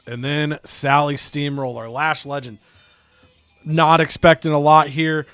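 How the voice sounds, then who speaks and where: A man casually recapping a wrestling management game, animated and profane, slipping into other characters' voices. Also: a little high, unhurried, clear, resonant tone, no echo, soft background music. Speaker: let's play host.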